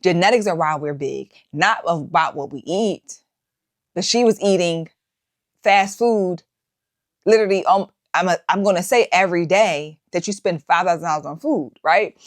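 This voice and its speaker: A woman's voice: fairly low pitch, moderate pace. A woman hosting a commentary show, talking casually and peppering her points with rhetorical questions. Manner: rhetorical, keeps asking "right?". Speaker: host. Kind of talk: commentary on social media clips.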